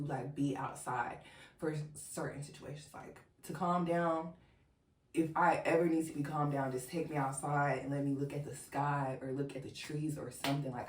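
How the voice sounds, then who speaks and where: A woman's voice: deep voice, reverberant, recorded from a distance. A young woman telling a personal story in casual chat, filling it with "like" and talking straight to her viewers. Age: young adult. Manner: chatty storytelling, heavy "like", addresses viewers as y'all. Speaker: vlogger.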